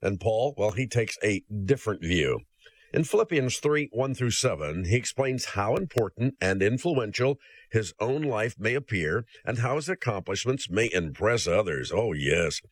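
A man's voice: lowish voice, lively intonation, moderate pace, dry recording. A male preacher delivering a sermon, speaking earnestly and directly to the listener.

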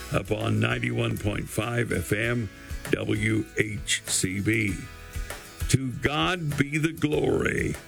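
A man's gravelly, creaky voice carries an earnest radio donation appeal at an unhurried pace. He spells out and repeats each detail with care. Soft guitar music plays faintly behind him. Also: mid-range voice. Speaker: radio station fundraiser.

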